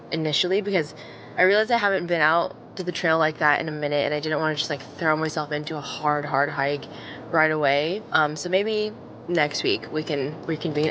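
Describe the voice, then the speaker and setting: A woman's voice: sits low, fairly bright tone, dull audio, a little hiss or hum. A young woman chatting casually to the camera while hiking outdoors, rambling with lots of fillers. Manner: chatty, rambling with many likes. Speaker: vlogger. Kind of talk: casual vlog talk to camera. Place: outdoors on a mountain hiking trail. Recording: vlog footage with background music. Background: music, outdoor ambience.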